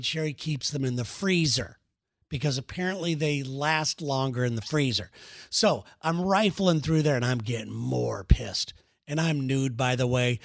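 A middle-aged man hosting a comedy podcast, telling a story in an animated, profane and exasperated way. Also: fairly high pitch, dry recording, studio quality.

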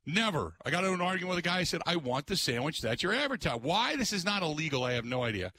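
A man hosting a talk radio show, ranting in an exasperated, animated way and putting on mocking voices. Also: on the high side, racing. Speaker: radio host.

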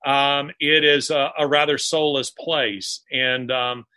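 A man, an author being interviewed, talking in a halting way with many pauses and restarts. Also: medium pitch, steady tone, pushed and bright, clear, resonant tone. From Alabama, US. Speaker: author guest. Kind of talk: casual interview conversation.

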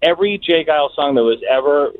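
A man, calling a radio show and telling a story in a lively, laughing way. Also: on the high side, fast talker, no echo. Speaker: caller. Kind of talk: phone-in storytelling. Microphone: phone. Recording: tinny phone line.

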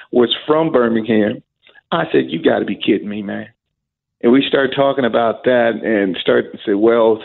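Gravelly husky man on a tinny line. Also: mid-range voice. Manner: lively storyteller who acts out quoted voices. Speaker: singer, interview guest. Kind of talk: storytelling in an interview. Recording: tinny phone-line sound.

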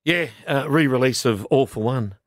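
A middle-aged Australian man co-hosting a breakfast radio show, chatting excitably and rambling with his co-hosts in the studio. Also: mid-range voice, moderate pace, no room sound. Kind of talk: casual radio banter. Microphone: studio microphone.

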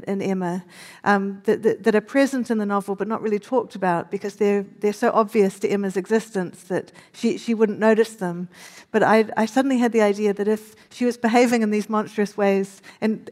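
A woman on a panel answering an audience question thoughtfully, with many halting restarts. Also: a little high, a little mellow.

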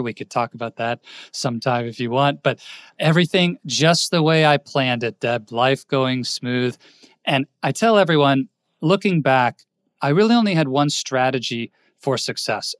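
A man's voice: medium pitch, no echo, clean studio sound. A man, a career coach guest on a podcast, telling his story in an earnest, reflective way. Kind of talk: interview storytelling.

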